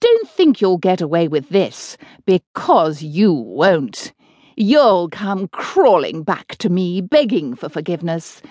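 A woman's voice: on the low side, big pitch swings, slow, mellow, no room sound, exaggerated voice. A woman putting on a fierce, scornful old witch. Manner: scornful, bellowing insults.

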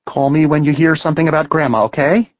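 A man's voice: a little high, fairly even intonation, fast, dry recording, highs cut off, voice pushed up, natural voice. A man reading an audiobook voices a sleepy, teasing young woman in a raised, lighter voice. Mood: daughterly.

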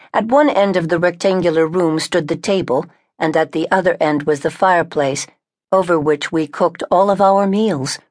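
A woman narrating an audiobook in a slightly low voice, steady and measured. The sound is close and dry, with no room around it. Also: no echo. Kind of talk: scripted first-person narration. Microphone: close studio mic.

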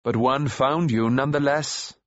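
A man playing a calm, wise warrior prince. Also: medium pitch, no echo, lo-fi sound, pitched above the performer's own voice, natural voice. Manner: measured, gentle authority.

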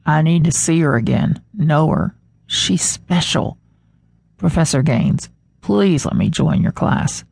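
A woman narrator voicing a soft-spoken, charming young man, speaking gently in a hushed, lowered voice. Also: expressive, slow pace, gravelly, slightly rough, no room sound, exaggerated voice. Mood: pleading.

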